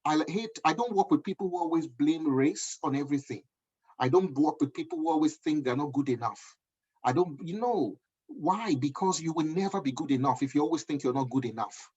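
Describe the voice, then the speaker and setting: A man's voice: fairly high pitch, lively intonation, brisk, darkish tone, husky. A man in his thirties with a Nigerian accent, giving an emphatic motivational talk and often checking that the audience understands. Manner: emphatic, keeps asking "do you understand?". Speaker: guest speaker. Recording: dull lo-fi recording.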